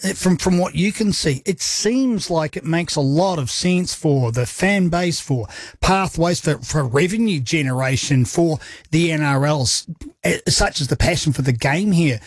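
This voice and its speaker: A man's voice: fairly high pitch, lively intonation, normal speed, slightly rough, no echo, studio quality. A man with a New Zealand accent hosting a sports talk radio show, upbeat and chatty with a joking manner. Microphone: studio microphone.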